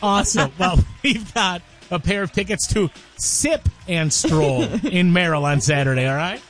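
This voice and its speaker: A man's voice: sits high, normal speed, soft background music. A man hosting a radio show, bantering and joking with callers as the DJ. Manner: jokey, laughing, animated. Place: radio studio.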